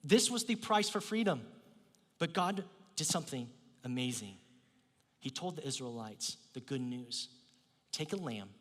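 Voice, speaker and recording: A male pastor preaching a sermon in a church, swinging from loud emphasis to near whispers. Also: medium pitch, lively intonation, measured pace, long pauses, long reverb tail. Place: church sanctuary.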